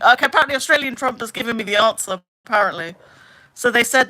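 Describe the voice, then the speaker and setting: Young female streamer, bright forceful voice, exasperated ranting, casual chat with viewers. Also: medium pitch, expressive, fast. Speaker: live streamer.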